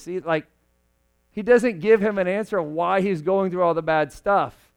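A young man preaching to a congregation, his voice sitting a little on the high side. He presses hard on key lines, then drops to a hushed, intimate tone. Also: normal speed, smooth. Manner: animated, swings from loud emphasis to hushed. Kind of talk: sermon.

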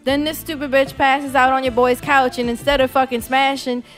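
Woman with a high voice ranting thru a cheesy movie plot, swears a lot, faint music behind. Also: flat delivery, moderate pace. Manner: profane, sarcastic, acts out characters in exaggerated voices. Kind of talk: casual comedic movie recap.

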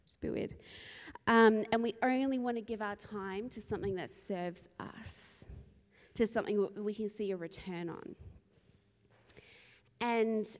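A woman from Australia, a preacher, opening a sermon with a lively, rambling personal story and frequent laughter. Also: medium pitch, a little slow, pauses often. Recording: long reverb in a large hall.

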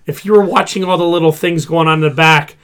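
A man's voice: on the high side, fast, clear, resonant tone. A man co-hosting a casual wrestling podcast, telling stories and acting out what others said. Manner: animated storyteller, acts out quotes. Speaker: podcast co-host.

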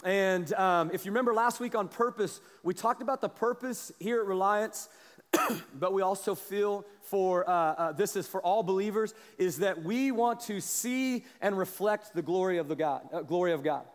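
A man preaching a sermon as a pastor, telling a story with animated energy and a slight cough. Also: high voice, moderate pace, big-room sound. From Kansas, US. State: has a cough.

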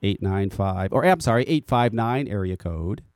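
A man's voice: lowish voice, animated, moderate pace, a little mellow, clear, resonant tone, no echo, studio quality. An American man hosting a podcast, ranting casually with frequent swearing and repeated words. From United States. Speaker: podcast host.

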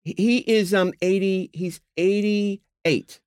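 A man's voice: sits high, fairly even intonation, slow, clear, resonant tone, dry recording, clean studio sound. A man from San Diego, co-hosting a podcast, chatting in a playful, theatrical way. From San Diego, USA. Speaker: podcast co-host. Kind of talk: casual podcast chat.

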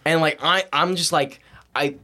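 A young man, a podcast guest, telling a story in a casual, animated, slangy and profane way. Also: fairly high pitch, normal speed.

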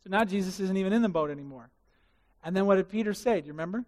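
A pastor delivers a sermon, telling the story with animation and putting questions to the congregation. His voice is high and very fast, with the sound of a big room.

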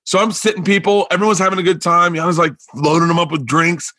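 Bright-voiced man telling stories. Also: high-pitched, no room sound. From Florida. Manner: animated anecdotes with profanity and quick asides. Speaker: podcast host and comedian. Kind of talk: casual storytelling chat.

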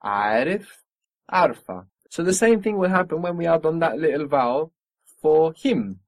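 A man's voice: on the high side, animated, normal speed, no echo. A man teaching a spoken language lesson, patiently modelling pronunciation and encouraging his student.

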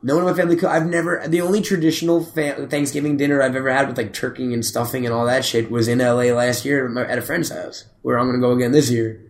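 A man's voice: mid-range voice, little pitch movement, quick pace, few pauses. A young man in casual chat, telling loose, profane stories and acting out quoted lines.

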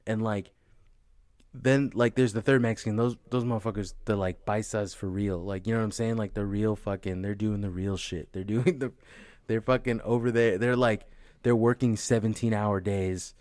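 Young man from the Bay Area, low-pitched, rambling and profane, casual chat, dry close sound. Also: steady tone, normal speed, a little mellow, no room sound. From San Francisco Bay Area. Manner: rambling, profane, many "you know what I'm saying".

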